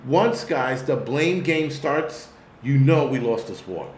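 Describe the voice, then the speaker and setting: A man's voice: mid-range voice, expressive, slow pace, darkish tone, reverberant, a little hiss or hum. Blunt, profane New York man ranting. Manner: blunt, profane, rambling rant. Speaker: host. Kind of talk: live-stream commentary.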